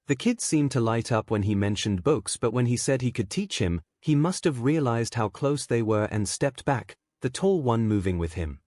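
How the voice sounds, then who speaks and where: A man reading a fan-fiction story aloud as a narrator, in a measured storytelling way. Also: mid-range voice, lively intonation, darkish tone, dry recording, studio quality.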